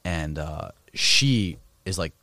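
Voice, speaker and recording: A man with a very low voice recorded close and dry, chatting on a podcast. He rambles through a story, swears freely and piles on filler words as he goes. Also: slow pace, no echo. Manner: rambling, swears often, animated retelling. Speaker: podcast co-host. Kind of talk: casual chat.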